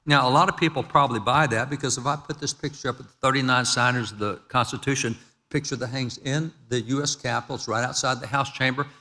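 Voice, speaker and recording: The event PA carries hall reverb as an older man, a historical speaker at a gala, presents an emphatic lecture-style talk in a large hall, stepping through slides and reading out quotes. His mid-range voice is fast and sharp-toned, with fairly even intonation.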